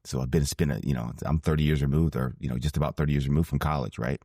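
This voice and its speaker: A man's voice: extremely low pitch, fairly even intonation, rapid-fire, warm tone, no room sound, clean studio sound. A man in his forties telling a heartfelt story as a podcast guest, earnest and emphatic, often repeating phrases for weight. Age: 40s. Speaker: podcast guest, former ballplayer and broadcaster. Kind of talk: storytelling interview answer.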